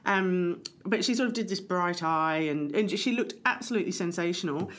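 A woman co-hosting a podcast, chatting casually with a wry, conversational manner. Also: fairly low pitch. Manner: conversational, wry, lists things off briskly. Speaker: podcast co-host. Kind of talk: casual chat.

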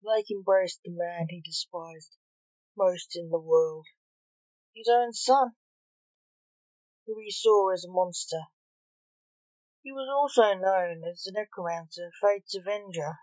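A woman reading a fan story aloud in plain, even narration, on a dull lo-fi recording. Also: medium pitch, slow, long pauses, dry recording. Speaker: story reader.

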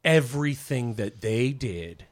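Man, average pitch, casual podcast storytelling, rambling with fillers. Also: animated, slow pace. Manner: rambling, lots of fillers and restarts. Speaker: podcast guest explaining history. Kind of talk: casual chat.

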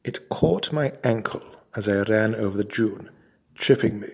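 A man telling a comic mock-heroic tale in a pompous, deadpan, mock-formal way. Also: on the low side, a little slow, vocal fry, slightly rough. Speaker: comic storyteller.

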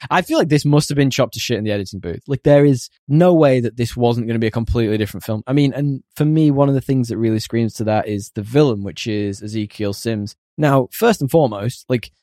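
A man's voice: medium pitch, quick pace, few pauses, mellow, dry recording, clean studio sound. A man co-hosting a casual film podcast, blunt and swearing freely as he talks. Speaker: podcast co-host. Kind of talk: casual film review chat.

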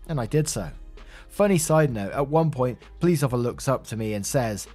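A man's voice: mid-range voice, lively intonation, fairly quick, darkish tone, faint music behind. A man in his twenties narrating a personal story in a frank, casual, conversational way.

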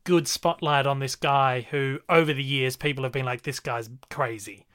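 Male film-chat co-host: bright, clear voice, enthusiastic and rambling delivery. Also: mid-range voice, fairly even intonation, moderate pace. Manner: enthusiastic, rambling with fillers and restarts. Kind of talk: casual film review chat.

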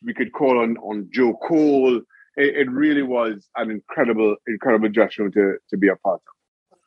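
A man's voice: mid-range voice, moderate pace, slightly rough, no room sound, lo-fi sound. A middle-aged man, a former goalkeeper, chatting as a guest and telling stories with laughter. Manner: animated storyteller, laughs often. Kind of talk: casual interview chat.

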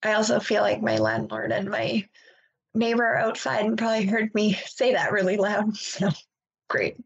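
A woman's voice: mid-range voice, expressive, moderate pace, creaky, slightly rough, highs cut off. A woman co-hosting a casual podcast chat, telling stories in a loose way with lots of fillers. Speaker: podcast co-host.

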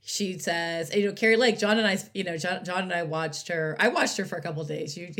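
A woman political commentator speaking from her home. Her voice sits a little low, and she drives her points home with energy. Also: brisk, fairly bright tone. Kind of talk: political chat.

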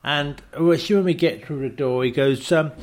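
A man's voice: fairly high pitch, moderate pace, slight background noise. A man co-hosting a comedy podcast, telling a rambling improvised tale full of "right?" and "I says". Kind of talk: improvised comic storytelling.

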